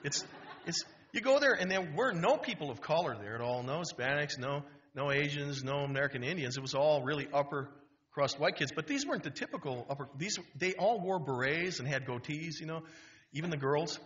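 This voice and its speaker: A man's voice: on the high side, brisk, a little hiss or hum. A man in his fifties from Wisconsin, a guest speaker telling a humorous story with lots of restarts in a university auditorium. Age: 50s. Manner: animated, humorous, full of restarts. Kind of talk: storytelling talk. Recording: dull auditorium recording.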